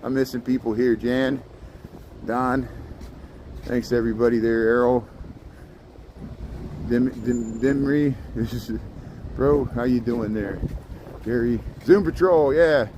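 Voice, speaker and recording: A man's voice: mid-range voice, fairly even intonation, slow pace, pauses often, darkish tone, low-quality recording. A man hosting a casual livestream while walking a city street at night, chatting loosely and thanking viewers by name with easy laughs. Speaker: livestream host. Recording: wind noise on the mic outdoors.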